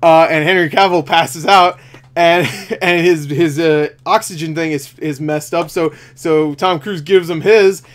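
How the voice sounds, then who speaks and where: A man's voice: a little high, steady tone, measured pace. Young man laughing through a casual movie chat. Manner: laughing, swearing, acting out scenes in quoted voices. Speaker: movie review host.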